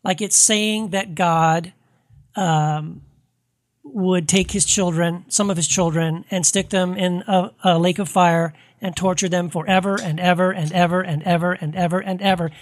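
A woman's voice: on the low side, fairly even intonation, unhurried, dry recording. A woman co-hosting a live podcast, speaking earnestly and repeating words for emphasis. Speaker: podcast co-host.

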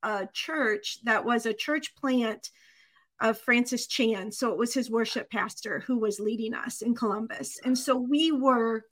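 High-voiced woman telling an earnest story. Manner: earnest, animated storytelling with quick asides. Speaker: podcast co-host. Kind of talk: candid conversational storytelling.

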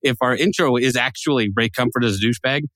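A man's voice: mid-range voice, quick pace, a bit bright, dry recording. A man co-hosting a casual podcast, joking and rambling, laughing often. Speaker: podcast co-host. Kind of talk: casual chat.

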